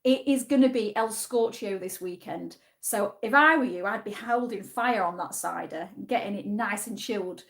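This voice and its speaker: A woman's voice: medium pitch, moderate pace, hardly any pauses. A woman from Yorkshire with a northern English accent, hosting a casual livestream quiz and chatting back to viewer comments. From Yorkshire, England. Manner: chatty, reads viewer comments aloud and answers them. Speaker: livestream host.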